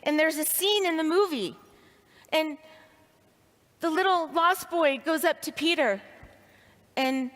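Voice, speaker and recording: Unhurried and pausing often, a woman with a high, slightly bright voice tells a personal story to an audience at a leadership training event. She acts out her inner voice expressively, and the large hall makes the sound reverberant.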